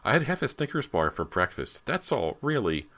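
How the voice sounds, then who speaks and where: A man's voice: mid-range voice, very animated, normal speed, a bit bright, voice pushed up. A man voicing a fussy teenage girl who complains a lot, in an audiobook reading. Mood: complaining. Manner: whiny, complaining.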